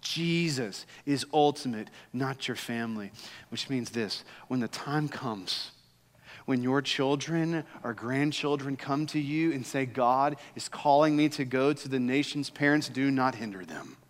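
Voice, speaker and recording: Preacher with a ringing hall echo. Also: male voice, mid-range voice, unhurried. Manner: preaching, building to emphatic, fervent delivery. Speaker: senior pastor. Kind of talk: sermon. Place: church sanctuary. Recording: long reverb of a church hall.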